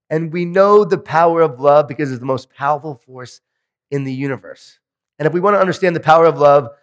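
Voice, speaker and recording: Animated male keynote speaker in a reverberant hall. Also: fairly high pitch. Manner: animated storytelling with self-deprecating humor. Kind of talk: motivational keynote speech. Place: large conference hall.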